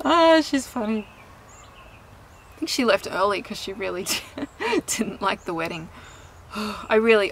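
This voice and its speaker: Bright, candid woman vlogging. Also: medium pitch, slight background noise, poor audio. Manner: chatty, candid, laughs often, swears casually. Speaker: vlogger and singer. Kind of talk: casual chat to camera. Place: outdoors in sunshine.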